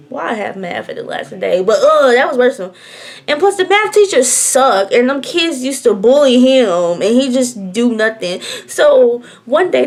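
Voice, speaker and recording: Animated woman telling a story. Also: on the high side. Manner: animated, blunt, laughs often. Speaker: vlogger. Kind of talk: casual storytime chat.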